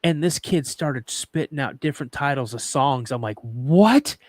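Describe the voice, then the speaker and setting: A man's voice: medium pitch, normal speed, no echo, studio quality. A middle-aged man hosting a live podcast, chatting casually and telling rambling stories. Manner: rambling storyteller, acts out quotes. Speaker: podcast host.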